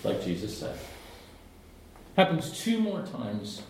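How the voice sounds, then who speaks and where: A middle-aged man preaching a sermon, telling the story in an animated way, with humor and asides to the congregation. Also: medium pitch, slow pace, vocal fry, background noise. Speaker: pastor. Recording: echoey church hall.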